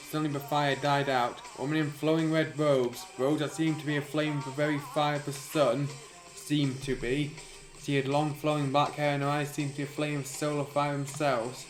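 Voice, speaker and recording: A man reading fan fiction aloud in a deadpan way, adding sarcastic asides and stumbling over the text. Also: fairly high pitch. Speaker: reader. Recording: echoey room, music behind.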